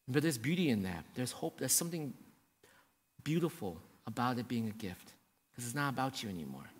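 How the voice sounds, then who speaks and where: A man preaching a sermon to his congregation, swinging between hushed and raised passages and often checking in with the room. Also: mid-range voice, big pitch swings, a little fast, slightly rough. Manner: addresses the congregation directly, checking in with "right?". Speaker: pastor. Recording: long hall reverb.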